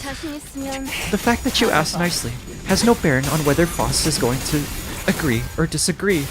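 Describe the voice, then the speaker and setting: A man voicing a calm, aloof young woman who reasons in a flat, formal, matter-of-fact way. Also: a little high, moderate pace, over music, close to an everyday voice. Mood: dismissive.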